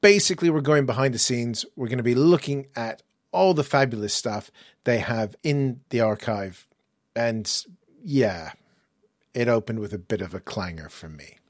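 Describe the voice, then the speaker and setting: A man with an English accent hosting a casual podcast, chatty and quick to laugh at himself. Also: medium pitch, dry recording, clean studio sound. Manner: chatty, self-mocking, laughs easily. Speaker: podcast host.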